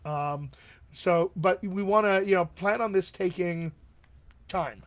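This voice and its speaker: A man with a voice pitched a little above the usual answers viewer questions as a dialect coach in a live online Q&A. He sounds upbeat and encouraging and keeps checking in with his listeners as he explains. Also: slow pace. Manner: upbeat and encouraging, often checks in with "all right?".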